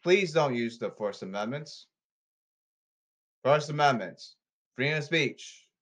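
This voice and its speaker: A man hosting a solo podcast, talking in a rambling, repetitive and emphatic way with halting stop-start phrases. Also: medium pitch, lively intonation, a bit bright. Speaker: podcast host.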